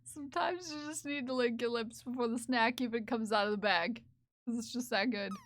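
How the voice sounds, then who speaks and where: A woman's voice: on the high side, fairly quick, a bit bright, dry recording. A woman live streamer chatting casually and playfully with her viewers, often giggling and teasing. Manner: playful, giggly, talks to chat. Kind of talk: casual livestream chat.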